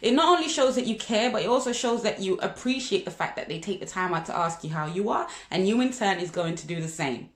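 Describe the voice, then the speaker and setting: A woman's voice: medium pitch, animated, fast talker, hardly any pauses. A Jamaican woman vlogging casual, direct advice to viewers, calling them guys. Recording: echoey room.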